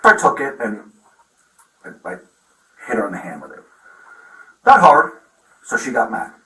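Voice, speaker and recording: A middle-aged father telling the police a long, halting account with many restarts, recorded on a body camera. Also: mid-range voice, huge pitch swings, bright, forceful tone. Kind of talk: recounting events in a conversation. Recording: roomy, from far off the mic.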